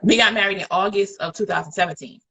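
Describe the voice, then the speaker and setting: A woman's voice: mid-range voice, quick pace, creaky, sharp tone, husky. A woman speaking frankly as a guest in an online interview over a video call. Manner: frank and blunt. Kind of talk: candid conversation.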